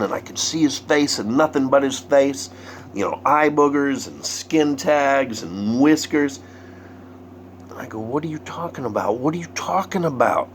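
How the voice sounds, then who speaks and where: A man tells a story in an animated way, acting out each quote. His voice sits in the middle range and sometimes drops to a whisper. A faint hum runs underneath. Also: mid-range voice. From Southern United States. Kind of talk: spoken story performance.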